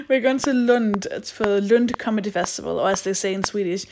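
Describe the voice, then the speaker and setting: A woman's voice: mid-range voice, fairly quick, hardly any pauses, noisy background. A woman hosting a podcast, reading out announcements in a playful, rambling, self-mocking way. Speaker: podcast host. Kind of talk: casual solo announcement.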